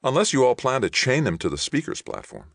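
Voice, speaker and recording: A man's voice: mid-range voice, wildly swooping pitch, brisk, vocal fry, fairly bright tone, no room sound, studio quality, voice pushed up, full character voice. A man voicing a wry teenage brother. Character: teenage younger brother, quiet then sharp.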